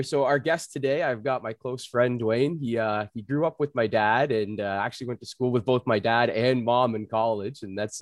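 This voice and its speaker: Relaxed young male host, dry sound. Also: medium pitch, no room sound. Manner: relaxed, chummy. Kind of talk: casual interview hosting.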